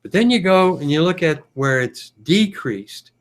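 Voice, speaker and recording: A man from the United States hosting a casual video call chat, thinking aloud with many pauses and fillers. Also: fairly high pitch, animated. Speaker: podcast host.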